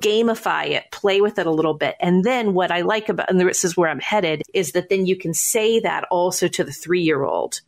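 A woman's voice: fairly low pitch, normal speed, creaky, hardly any pauses. A woman co-hosting a parenting podcast, speaking as a parent and thinking aloud with playful ideas. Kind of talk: casual podcast chat.

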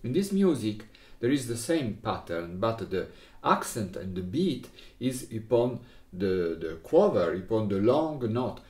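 Slow Italian man teaching recorder. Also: lowish voice, sing-song, echoey room. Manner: halting non-native English, sings rhythms with syllables. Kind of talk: music lesson.

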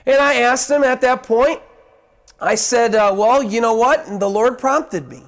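A male pastor preaching a sermon, telling a story and acting out the voices in it, then dropping low and soft to appeal to the listeners. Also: lively intonation, a little slow.

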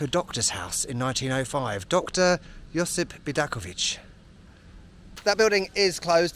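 A man's voice: a little high, fairly bright tone, a little hiss or hum. A man talking casually in a walking travel vlog, chatty, self-mocking and enthusiastic, outdoors. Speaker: travel vlogger. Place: outdoors in a spa town street.

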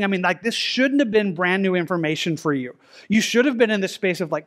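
A male pastor preaches to his church in a loose, conversational way. His voice sits fairly high for a man, and he slips into imagined lines of dialogue as he talks. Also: expressive, a little fast. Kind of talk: sermon. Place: church sanctuary.

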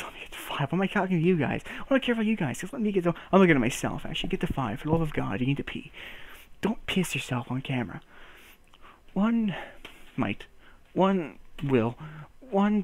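A young man talking to himself while learning to juggle, counting throws aloud, laughing at himself and swearing when he drops them. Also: a little high. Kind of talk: casual self-talk while practicing.

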